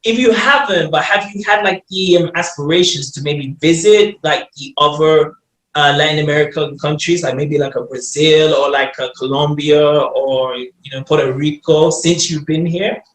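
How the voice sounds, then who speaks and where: Easygoing host, slightly higher man's voice. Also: steady tone, moderate pace, a bit bright. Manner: easygoing, rambling with many fillers. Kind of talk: casual interview chat. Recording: roomy echo.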